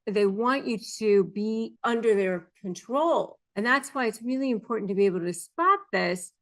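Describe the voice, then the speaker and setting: A woman's voice: medium pitch, animated, moderate pace, a bit bright. A middle-aged woman giving earnest advice to camera as a coach, explaining behaviors and mimicking phrases people say. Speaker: narcissism negotiation coach.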